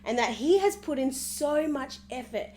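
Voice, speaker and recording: Woman, high-pitched voice, gossipy reality TV recap, animated, sarcastic, mimics people. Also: moderate pace, a little hiss or hum.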